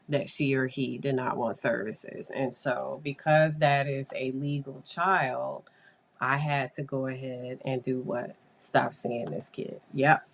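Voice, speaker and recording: A woman psychologist telling a casual, rambling story, with many fillers and acted-out quotes. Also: low voice. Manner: conversational, rambling, with frequent fillers and quoted dialogue. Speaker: child psychologist.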